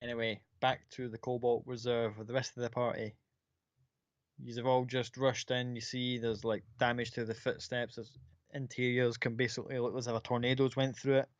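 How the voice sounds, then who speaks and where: A man's voice: mid-range voice, flat delivery, moderate pace, dry recording, highs cut off. A man running a tabletop role-playing game as game master, narrating casually and descriptively. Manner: casual, descriptive, full of "like" and "kinda".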